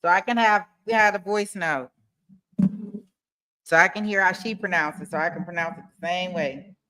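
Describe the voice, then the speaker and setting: A woman's voice: fairly low pitch, fairly even intonation, moderate pace, sharp tone. A woman hosting a livestream and chatting casually with her viewers in a playful, teasing way, with features. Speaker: livestream host. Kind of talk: casual chat with live viewers. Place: home desk.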